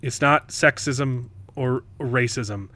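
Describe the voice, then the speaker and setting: Bright-voiced man, animated and mocking. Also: mid-range voice, takes it slowly. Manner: animated, mocking, stammers and restarts. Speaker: host. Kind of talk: casual panel chat.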